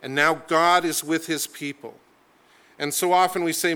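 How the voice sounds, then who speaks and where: A man's voice: a little high, fairly even intonation, moderate pace, bright, forceful tone, smooth. A man preaching a sermon, telling the story with emphatic, dramatic delivery and sweeping shifts in pace.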